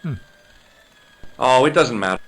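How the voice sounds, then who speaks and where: An actor playing a wry young adventurer posing as a doctor, asking questions and narrating in a dry tone. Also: male voice, mid-range voice, expressive, measured pace, fairly bright tone. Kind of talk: video game voice acting.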